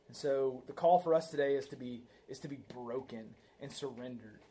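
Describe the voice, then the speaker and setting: A man's voice: medium pitch, moderate pace, dark tone. A man preaching a sermon in a conversational way, often tagging his points with "right?" and telling a story to make them. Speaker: pastor.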